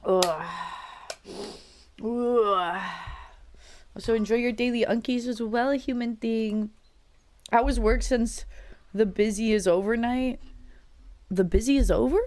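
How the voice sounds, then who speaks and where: A woman's voice: on the high side, slow, long pauses, darkish tone, no echo. A young adult woman live streamer in casual, rambling chat with her viewers, laughing often, her voice cracking a little.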